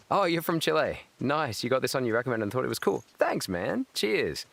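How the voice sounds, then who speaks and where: Over video game music, a thirty-something Australian talks loosely as he streams, swearing freely and responding to viewers in chat. The voice is gravelly and mid-pitched with a fairly bright tone, picked up by a webcam microphone.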